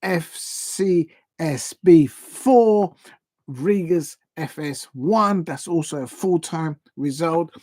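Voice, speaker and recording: A man with a voice on the high side and a darkish tone speaks slowly, with no echo, while hosting a live football watch-along stream. He recaps the day's results in a chatty, rambling way, stumbling over player and club names.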